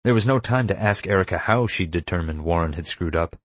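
A man reading a first-person story aloud in a steady, measured manner. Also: low voice, dry recording. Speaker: audiobook narrator. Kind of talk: first-person scripted narration.

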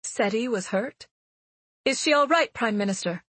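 A woman's voice: fairly high pitch, lively intonation, moderate pace, fairly bright tone, breathy edge, no echo, voice pushed up. A woman voicing a proud young princess speaking with urgent demands.

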